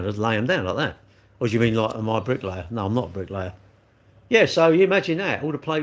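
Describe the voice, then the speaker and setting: Middle-aged bloke on a live stream, chatty, keeps firing off rhetorical questions. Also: male voice, medium pitch. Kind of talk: casual live-stream chat.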